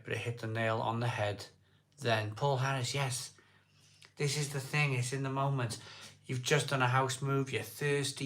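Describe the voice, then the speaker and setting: A man's voice: mid-range voice, a bit bright. A middle-aged man from South Wales with a Welsh accent, casually chatting on a live beer-drinking stream and answering viewers' comments in a jokey way.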